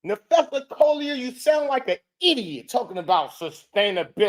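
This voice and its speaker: A man hosting a reaction show, heckling a clip in a loud, profane rant. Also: sits high, expressive, normal speed, few pauses. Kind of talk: ranting reaction commentary.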